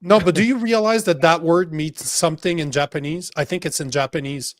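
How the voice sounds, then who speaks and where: High-voiced, swearing Canadian co-host. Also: male voice, brisk, no echo, studio quality. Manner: profane, animated storytelling. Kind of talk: casual political chat.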